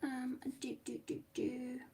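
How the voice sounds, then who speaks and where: A woman's voice: high voice, completely flat delivery, slow, gravelly, dark tone, slight background noise. A woman hosting a chatty craft livestream from home, a little flustered, talking to herself as she works and greeting viewers fondly as sweetheart. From United Kingdom. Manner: flustered, talks to herself while working, calls viewers sweetheart. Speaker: livestream host.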